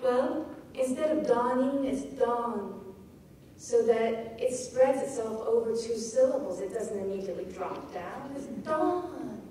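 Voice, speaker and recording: A woman giving a poetry lecture at a festival, reading lines aloud slowly and tapping out their rhythms. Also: a little high, dark tone, a little hiss or hum. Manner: slow, reads lines aloud and taps out rhythms. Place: large lecture hall. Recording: echoey hall from far off.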